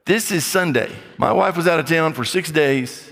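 A middle-aged man preaching a sermon as pastor, blunt and scolding, with animated delivery. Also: a little high, moderate pace, gravelly, few pauses. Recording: long hall reverb.

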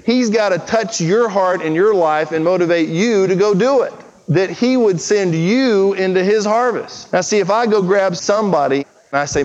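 A man's voice: high voice, normal speed, darkish tone. Urgent preaching man in echoing hall. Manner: earnest, urgent preaching with acted-out quotes. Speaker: pastor. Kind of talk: sermon. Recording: muffled, with long hall reverb.

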